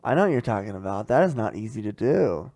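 A woman's voice: a bass voice, very animated, quick pace, warm tone, no echo. A woman interviewing her young child in a casual, chatty, encouraging way, laughing often.

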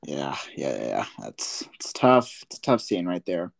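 Relaxed young man hosting sports chat. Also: low-pitched, unhurried, creaky. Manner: relaxed, filler-heavy. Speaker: podcast host.

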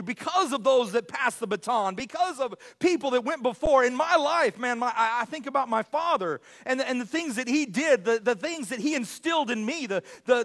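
A man preaching a sermon as pastor, animated, often stumbling over his words and restarting. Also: very high voice. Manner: animated, self-correcting preacher with frequent restarts.

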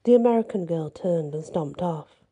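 A woman narrating a first-person horror story in a plain, measured storytelling manner. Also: fairly low pitch, expressive, warm tone, slightly rough.

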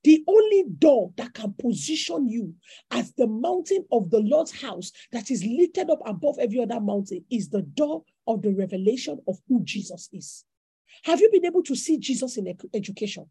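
High-voiced woman preaching emphatically. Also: dark tone, husky, no echo. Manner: emphatic, repetitive preaching cadence. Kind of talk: sermon.

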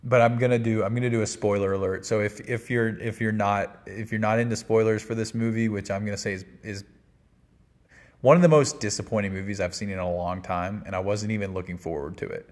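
A man's voice: on the low side, fairly even intonation, brisk, a little mellow. A man giving a casual, rambling spoken movie review, full of fillers and restarts. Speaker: film reviewer.

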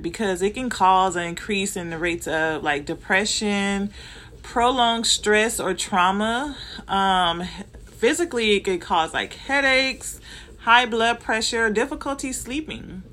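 A Southern Californian woman with a bright, forward tone and a middling pitch talks through her topic in a relaxed monologue. She speaks conversationally, often pausing on fillers and correcting herself mid-word. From Compton, Los Angeles, United States. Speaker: manager sharing workplace experiences. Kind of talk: casual explanatory monologue.

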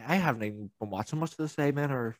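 A man's voice: medium pitch, rapid-fire, no echo. A young man, chatting casually on a podcast and swearing freely. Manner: animated, swearing, mimics viral clips. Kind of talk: casual chat.

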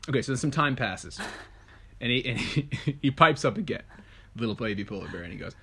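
A man hosts a podcast in a playful, rambling chat, laughing often. His voice sits at a middling pitch but swings widely up and down as he talks. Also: animated, brisk, a bit bright, breathy edge. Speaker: podcast host. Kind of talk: casual chat.

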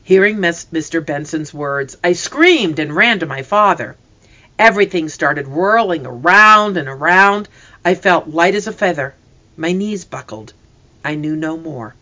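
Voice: mid-range voice, unhurried. A storybook narrator reading aloud expressively, acting out the characters' lines as well. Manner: expressive, reads characters' voices.

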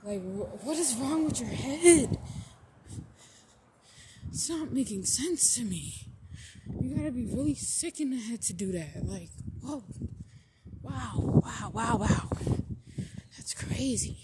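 Slow-talking woman riffing casually. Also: on the high side, expressive, very noisy. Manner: slangy, blunt, swears, drawn-out emphasis. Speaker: podcast host. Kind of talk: casual rambling commentary.

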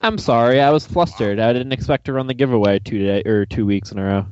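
Excitable, laughing podcast host. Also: male voice, medium pitch, fast, smooth, muffled recording. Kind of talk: casual chat.

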